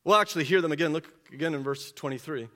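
A man preaching an expository sermon, asking rhetorical questions and dropping low and quiet for emphasis. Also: quick pace. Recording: long hall reverb.

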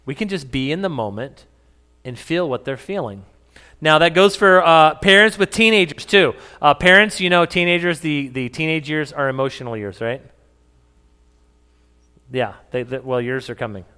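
A man's voice: on the high side, moderate pace, pushed and bright, clean tone. A man preaching a sermon to a congregation in a conversational, joking way. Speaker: pastor. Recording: echoey hall.

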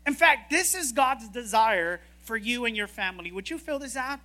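A woman preaching a sermon in an animated, joking, emphatic way. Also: a little high, normal speed.

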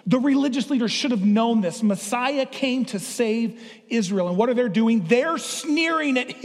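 A middle-aged pastor with a high-pitched voice leads an interactive sermon, playful and drawing his congregation in. His words ring out with a long reverb through a church sanctuary. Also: lively intonation, moderate pace.

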